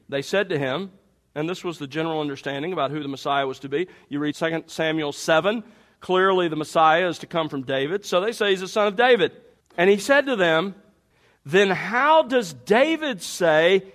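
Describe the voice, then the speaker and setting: A man preaching a sermon, walking listeners through passages and speaking to the congregation directly. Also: high voice. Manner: animated expository preaching, addressing the congregation directly.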